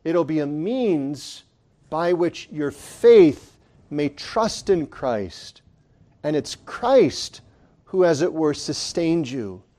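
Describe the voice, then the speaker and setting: A man preaching to his congregation in an earnest, pleading sermon style. His voice sits somewhat high for a man, and he swells into impassioned emphasis before easing back to a quieter, teaching tone. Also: animated, extremely slow. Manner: addresses congregation as brethren.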